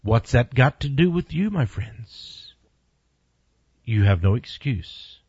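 A man preaching a sermon, emphatic with big swings in pitch and loudness. He speaks to his listeners directly and bluntly, and reads scripture slowly and deliberately. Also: animated, breathy edge, no room sound. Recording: dull lo-fi recording.

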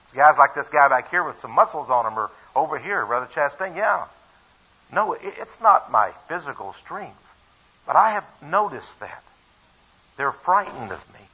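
A man's voice: mid-range voice, bright, forceful tone, husky. A man preaching a sermon before a live congregation, reading scripture and telling a personal story, emphatic and fond of rhetorical questions and repeated phrases. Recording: dull lo-fi recording.

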